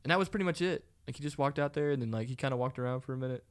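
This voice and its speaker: A man's voice: medium pitch, racing, smooth. A young man telling a rambling story in casual chat, swearing often and laughing along.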